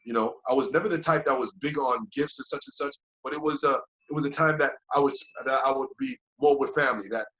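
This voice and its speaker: A man's voice: mid-range voice, fast, hardly any pauses. A man guest chatting casually and reflectively, looping back with "you know what I mean" and acting out his old thoughts in quoted voices. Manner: loose and repetitive, often asks "you know what I mean"; acts out his own past thoughts in lively quoted voices. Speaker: podcast guest, yoga teacher. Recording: dull lo-fi podcast recording.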